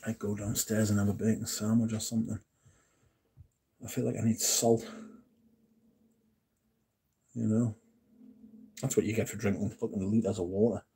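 His voice is fairly low, gravelly and mellow, delivered flatly at normal speed with frequent pauses, and there's a little hiss or hum. The man is hosting a relaxed livestream, reading comments, bantering jokingly with chat and swearing without restraint.

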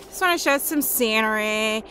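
A woman's voice: a little high, lively intonation, normal speed, sharp tone, poor audio. A chatty woman from Wisconsin, out of breath as she walks and records a casual vlog on an outdoor trail with a handheld camera, gushing about the scenery. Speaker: vlogger. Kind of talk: casual walk-and-talk vlog. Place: outdoors on a windy rural trail. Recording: wind noise on the mic.

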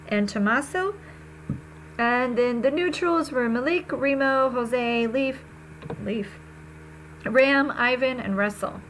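A woman reading a first-person novel aloud, conversational and expressive, with small slips. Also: high voice, slight background noise, low-quality recording. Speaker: reader.

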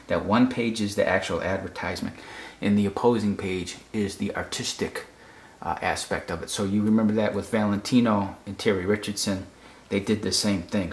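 An American photography critic with a low, creaky voice casually explains a fashion photo. He often repeats words and checks in with "okay?", and the recording has a roomy echo.

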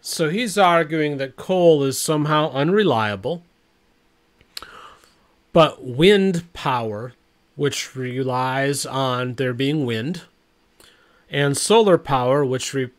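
Brief: middle-aged man, fairly high voice, blunt and exasperated news commentary recorded at home. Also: fairly bright tone. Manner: blunt, exasperated, reads quotes aloud. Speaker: commentary channel host.

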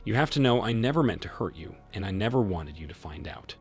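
A man's voice: fairly low pitch, big pitch swings, quick pace, soft background music. Male reader doing a crying guilty wife, begging, voice choked up. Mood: pleading. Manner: pleading, choked delivery. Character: remorseful tearful adult wife.

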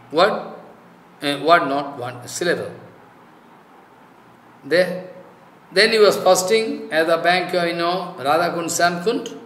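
A man giving a devotional sermon as a spiritual teacher, speaking haltingly in broken English with many fillers. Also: on the high side, a bit bright. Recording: echoey room.

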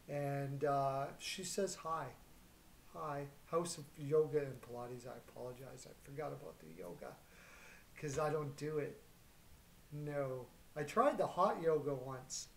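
Rambling man hosting a betting show. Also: on the high side. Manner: loose, rambling, full of fillers and restarts. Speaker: sports betting show host. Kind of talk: casual rambling commentary.

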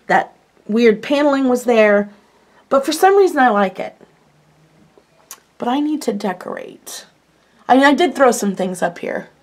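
A woman's voice: on the high side, darkish tone. An older woman chatting casually through a home tour of her kitchen, rambling and self-mocking.

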